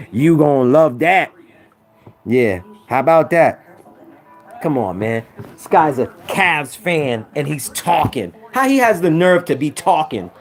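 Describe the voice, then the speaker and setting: A man's voice: a little high, darkish tone. A man trash-talking rival sports fans on a live stream, teasing and repeating himself for emphasis. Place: home room.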